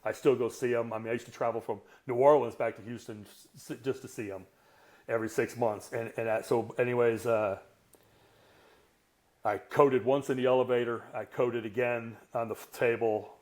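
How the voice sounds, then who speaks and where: A strength coach in his sixties tells a personal story on a podcast, his male voice medium-pitched, steady, darkish, and at normal speed. The candid, conversational telling is blunt and profane, full of earthy, self-mocking humor.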